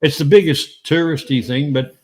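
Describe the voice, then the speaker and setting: A man's voice: on the high side, steady tone, normal speed, a little mellow, slightly rough. A man hosting a casual chat, laid-back, often stumbling and repeating words. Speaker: host.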